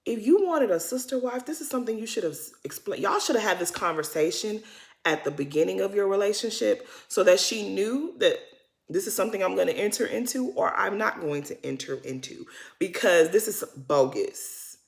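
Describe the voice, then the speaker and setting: A woman's voice: mid-range voice, animated, moderate pace, vocal fry. Woman, reality recap vlogger, sassy and outspoken, casual to-camera commentary. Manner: addresses cast members directly as "girl".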